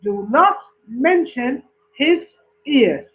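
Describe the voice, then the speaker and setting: A man voicing a stern father who gravely warns his son, in a solemn tone. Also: very high-pitched, lively intonation, drawn-out words, heavily acted. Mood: warning. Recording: tinny phone-like recording.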